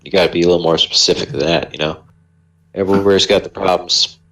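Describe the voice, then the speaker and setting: A man's voice: deep voice, quick pace, fairly bright tone, slight background noise, poor audio. A man voicing a chatty male adventurer with a put-on Southern drawl, friendly and prying. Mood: folksy prying. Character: chatty folksy male adventurer questioning a prisoner.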